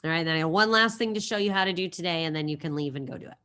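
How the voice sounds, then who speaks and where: A chatty woman teacher talking a class through a recorded lesson. Her voice sits a little low, and she likes to repeat key phrases as she goes. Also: very fast, bright, forceful tone, smooth. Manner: chatty, storytelling with silly voices and repetition.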